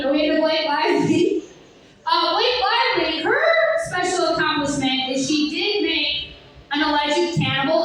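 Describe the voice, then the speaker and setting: High-voiced woman doing stand-up, echoey club. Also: far from the mic, a little hiss or hum. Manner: sardonic, rambling, with sung and shouted bits. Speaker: stand-up comedian. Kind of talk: stand-up comedy set. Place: comedy club stage.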